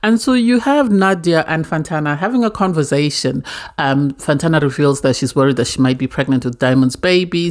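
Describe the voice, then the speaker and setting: A woman reviewing a reality TV episode in a casual, emotional way, often repeating herself as she talks. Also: low-pitched. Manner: emotional, earnest, repeats words.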